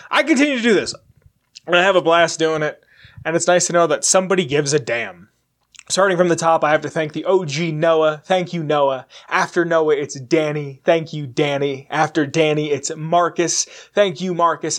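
A man's voice: fairly high pitch, a bit bright. A man in his twenties hosting a podcast, chatting candidly in a rambling, casually profane way. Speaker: podcast host. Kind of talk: casual chat.

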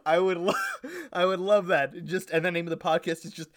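A man's voice: high voice, little pitch movement, fairly quick. A man co-hosting a casual podcast, teasing his partner and laughing often. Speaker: podcast co-host.

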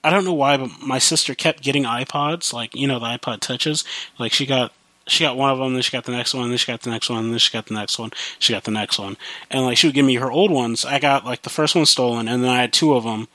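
A man's voice: medium pitch, steady tone, fast, bright, forceful tone, no room sound. A young man hosting a podcast alone, rambling casually about his life with lots of fillers and restarts. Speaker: podcast host. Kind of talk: casual monologue.

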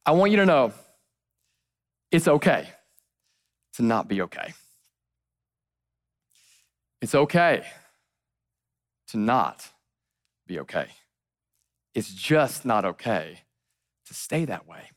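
A man preaching a sermon as a pastor before a congregation, swinging from loud to hushed. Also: mid-range voice, very animated, slow pace, pauses often. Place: church stage before a congregation.

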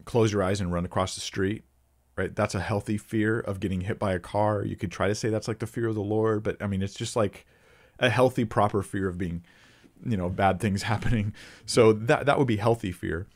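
A man with a lowish voice talks through Bible passages and viewer questions in an easygoing, off-the-cuff manner. He thinks aloud as he goes, stopping and restarting his sentences, and reads verses aloud along the way. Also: steady tone, brisk. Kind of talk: casual unscripted Bible teaching.

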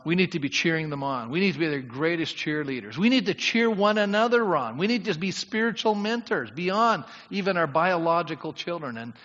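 A man's voice: on the high side, fairly bright tone, big-room sound, highs cut off. A man preaching as a pastor, with a conversational, chatty sermon manner and frequent casual asides. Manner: conversational preaching with many "you know" asides.

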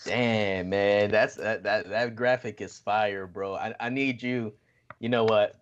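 A man's voice: on the low side, fairly even intonation, slow pace, dull audio. A man co-hosting a wrestling podcast in casual chat, tipsy, swearing and rambling with lots of laughter. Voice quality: profane and rambling. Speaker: podcast co-host.

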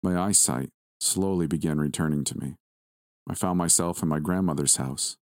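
Man narrating creepy story, real low voice, dry close sound, steady pace. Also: no room sound. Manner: measured, steady reading. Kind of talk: scripted first-person horror narration.

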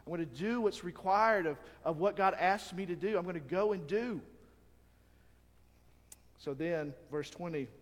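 Fairly high-voiced male preacher in a reverberant hall. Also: moderate pace, pauses often. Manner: keeps checking in with the congregation with "right?"; acts out anecdotes with voices and sounds. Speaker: pastor. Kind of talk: conversational sermon.

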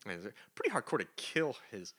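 A man co-hosting a podcast, recapping comic book plots in an animated, casual way. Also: medium pitch, brisk, slightly rough. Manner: animated recapping, acts out quoted lines. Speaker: podcast co-host.

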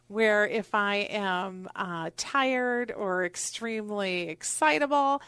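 A woman's voice: medium pitch, slow, fairly bright tone, clean tone, no echo. Chatty woman radio host, dry studio. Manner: chatty, storytelling, upbeat. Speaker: radio show host, wealth advisor. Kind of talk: casual radio interview chat.

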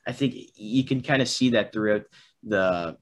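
A young man in a casual chat about a film, talking in halting stretches full of restarts and fillers. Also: on the low side. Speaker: film discussion co-host.

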